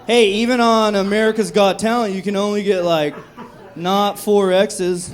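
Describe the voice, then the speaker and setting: A man's voice: sits high, steady tone, normal speed, some chatter behind. A young man doing a profane, conversational stand-up set on a comedy club stage into a handheld mic. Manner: profane, conversational, acts out drunk voices.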